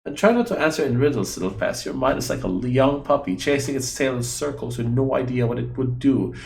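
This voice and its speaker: Blunt scolding female companion, gravelly, as a man puts her on. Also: medium pitch, expressive, fairly quick, darkish tone.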